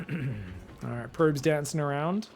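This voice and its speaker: An Australian man provides solo esports commentary in a gravelly, somewhat high voice. He talks in a loose, thinking-aloud way and gets audibly excited at key moments. Soft music plays faintly underneath. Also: slow. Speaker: esports caster.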